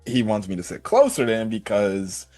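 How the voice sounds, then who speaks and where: A man's voice: fairly low pitch, wildly swooping pitch, moderate pace, darkish tone, soft background music. A man voicing a panicky, flustered teenage anime girl in casual slang. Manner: frantic, swearing, casual slang.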